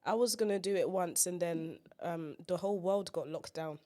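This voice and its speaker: A woman's voice: fairly low pitch, moderate pace, mellow. A woman guesting on a comedy podcast, talking casually with a dry, playfully mock-offended manner.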